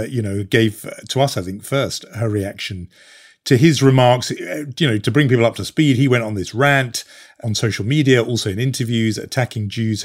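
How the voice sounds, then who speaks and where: British man hosting a news podcast. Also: on the low side. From Britain. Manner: thoughtful, hesitant, many fillers and restarts. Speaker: podcast host. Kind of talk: conversational news discussion.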